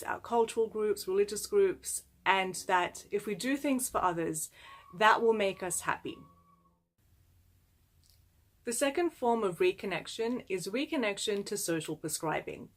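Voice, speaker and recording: A young adult woman presenting a book summary in a casual explanatory way, talking conversationally with frequent fillers. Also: medium pitch.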